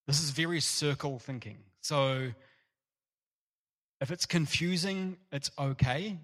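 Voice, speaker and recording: A man preaching an earnest, animated sermon in a church. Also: a little high, takes it slowly. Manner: earnest, animated, acts out parable voices.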